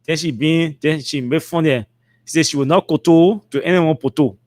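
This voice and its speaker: A man's voice: a little high, moderate pace, darkish tone, no echo. A man with a Liberian English accent hosting a talk show, reading out social media comments with mocking asides and laughter. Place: studio.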